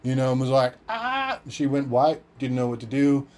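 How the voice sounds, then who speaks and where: A man's voice: mid-range voice, flat delivery, fairly quick, mellow. Aussie guy rambling through a story on his podcast, lots of swearing, does the voices of the people in it. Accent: Australian. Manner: rambling, profane, acts out quoted voices. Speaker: podcast host. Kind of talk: casual storytelling.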